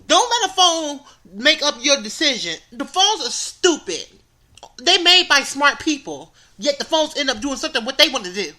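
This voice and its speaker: A woman's voice: high-pitched, normal speed. A young woman, animatedly telling an exasperated comic story on a podcast. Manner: animated, exasperated, repeats words for comic effect. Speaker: podcast co-host. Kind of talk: casual storytelling.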